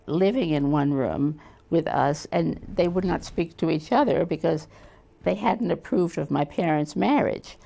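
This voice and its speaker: An older woman novelist in a casual interview, telling stories in a lively way and acting out the voices of the people in them. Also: fairly low pitch, gravelly. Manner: animated storyteller, acts out quoted voices. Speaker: novelist guest.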